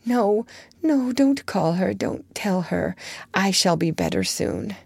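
A woman reading aloud, voicing a gentle, frail young girl who speaks softly and falls into hushed whispers. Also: medium pitch, lively intonation, takes it slowly, gravelly, husky, no echo, studio quality, voice pushed up, full character voice. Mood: tearful hushed. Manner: soft, hushed, breaking into whispers.

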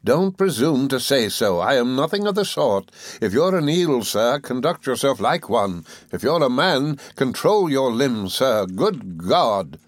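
A man reading aloud, voicing a quick-tempered elderly aunt who scolds in clipped, emphatic bursts. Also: mid-range voice, big pitch swings, a bit bright, no room sound. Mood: indignant scolding.

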